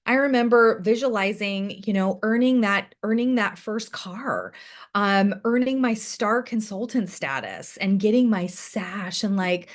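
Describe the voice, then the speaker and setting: A woman director giving an encouraging, conversational training talk over a video call to her team. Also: mid-range voice. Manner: encouraging, conversational, often asks "right?".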